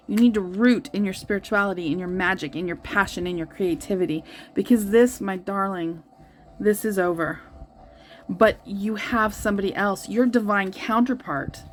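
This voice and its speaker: Earnest woman reading tarot cards. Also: medium pitch. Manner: earnest, reassuring, thinks aloud. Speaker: tarot reader.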